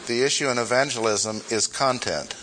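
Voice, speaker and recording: A man's voice: medium pitch, normal speed, sharp tone, a little hiss or hum. A male pastor preaching a sermon in a church, emphatic, repeating key points and asking rhetorical questions.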